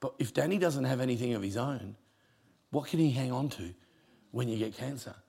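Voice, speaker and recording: A male pastor, preaching a sermon with punchy humour and sudden drops to quiet. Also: medium pitch, expressive, fairly quick, vocal fry, breathy edge.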